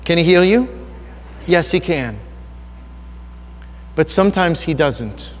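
Pastor, male, higher-pitched voice, earnest and conversational, church hall with a long echo. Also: animated, slow. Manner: earnest, personal and conversational, with rhetorical questions. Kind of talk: sermon.

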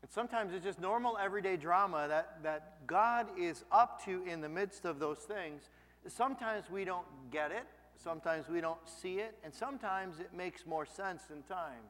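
A man preaching a sermon as a pastor, telling stories in a lively, expressive way. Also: sits high, moderate pace, long reverb tail. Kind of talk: sermon with personal storytelling.

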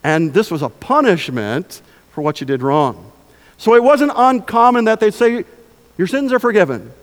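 Male pastor, high voice, animated sermon delivery, hall reverb. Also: normal speed. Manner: animated, conversational, rhetorical questions.

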